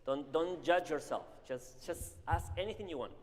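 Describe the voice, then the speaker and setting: A man coaching a singer in a masterclass, talking in an animated, emphatic and dramatic way. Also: on the high side, moderate pace. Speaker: voice teacher. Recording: reverberant hall with music.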